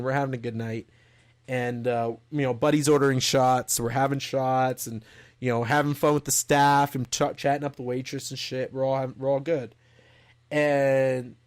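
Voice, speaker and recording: A young man co-hosting a podcast, telling a long bar story in a profane, animated, rambling way. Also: mid-range voice. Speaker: podcast co-host. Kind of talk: casual storytelling chat.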